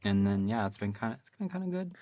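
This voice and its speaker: A man's voice: lowish voice, big pitch swings, fast talker, a little mellow, no echo. A man from Seattle, a voice actor, chatting casually and rambling easily with fillers, close to a studio mic. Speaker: voice actor guest. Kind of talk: casual chat.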